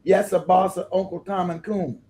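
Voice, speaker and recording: A man hosting a livestream, delivering emphatic, animated commentary and laughing often as he talks. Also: high voice, moderate pace, slight background noise. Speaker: livestream host.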